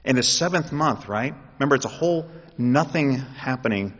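A man preaching a sermon in an animated way, building up to loud, emphatic calls. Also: mid-range voice, moderate pace, husky. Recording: dull sound with long hall reverb.

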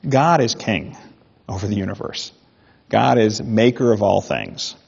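A man preaching a sermon in an animated way, with mock-indignant asides. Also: fairly low pitch, unhurried, creaky, breathy edge. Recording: dull sound in a reverberant hall.

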